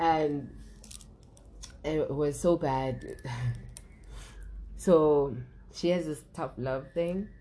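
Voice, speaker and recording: Low-voiced young woman telling her story. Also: fairly even intonation, very slow, pauses often, warm tone, a little hiss or hum, poor audio. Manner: candid, emotional, swears freely, many restarts. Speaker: guest sharing her story. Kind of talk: casual conversation.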